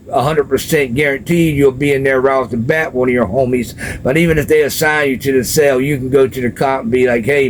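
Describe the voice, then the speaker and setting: A man's voice: mid-range voice, low-quality recording. Male vlogger, street-slang storyteller, casual and unscripted, faint background hiss. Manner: street slang, loose, repeats "you know". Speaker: vlogger describing prison life from experience.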